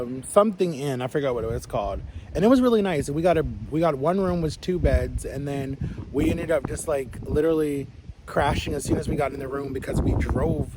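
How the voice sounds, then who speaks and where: A man in his thirties rambles through a story in a casual vlog, his voice sitting a little high for a man. He talks loosely, with plenty of "like" and restarts. Clear outdoor street and traffic noise runs behind him. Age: 30s. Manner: rambling, chatty, lots of "like" and restarts. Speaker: vlogger.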